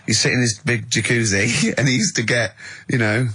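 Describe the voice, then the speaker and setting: A man's voice: medium pitch, moderate pace, bright, forceful tone, slightly rough. A man hosting a radio comedy show in a studio, teasing his co-hosts and spinning exaggerated stories with big laughs. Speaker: radio host. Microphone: studio microphone.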